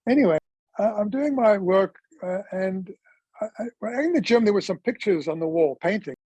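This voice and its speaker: A man's voice: high-pitched, animated, normal speed, a little mellow, breathy edge, no echo, rough recording. A man, telling his life story in a chatty interview and acting out remembered dialogue. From South Africa. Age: 60s. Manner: chatty storyteller who acts out quoted dialogue.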